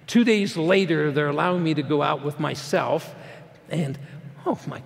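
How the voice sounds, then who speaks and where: A middle-aged man speaking as a motivational speaker, telling a personal story to a live audience in a plainspoken, folksy way that swings between hushed and loud. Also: a little high, moderate pace, vocal fry. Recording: long hall reverb.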